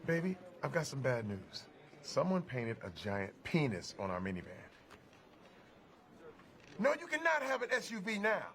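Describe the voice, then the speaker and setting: An exasperated sitcom father who pleads with his wife in emphatic bursts. The voice sits high and swoops wildly from note to note, and the sitcom delivery stays loud and insistent. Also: wildly swooping pitch, normal speed, long pauses. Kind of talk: sitcom acting.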